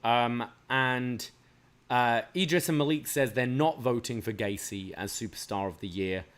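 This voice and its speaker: A man co-hosts a laid-back wrestling recap chat. He swears freely, and when he plays out a scene his voice jumps loud and high. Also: a little slow. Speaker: podcast co-host.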